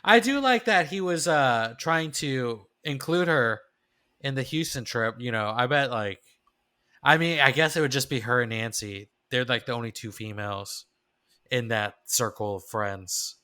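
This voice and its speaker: A man's voice: mid-range voice, unhurried, pushed and bright. A man co-hosting a podcast, reacting and thinking aloud in casual chat. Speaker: podcast co-host.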